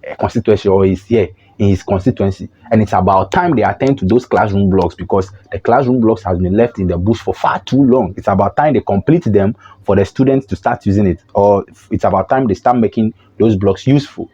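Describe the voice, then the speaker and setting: A Ghanaian man riffs through opinionated political commentary, animated and mocking, often restarting his sentences. His voice is husky and mellow. The recording sounds dull and lo-fi. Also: lowish voice, fairly quick, hardly any pauses.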